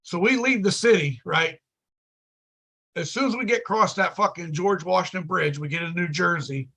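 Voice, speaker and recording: Gravelly, bright-voiced man telling a story. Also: high voice, normal speed. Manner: profane, animated storyteller, acts out quotes. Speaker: podcast guest. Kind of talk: casual storytelling chat.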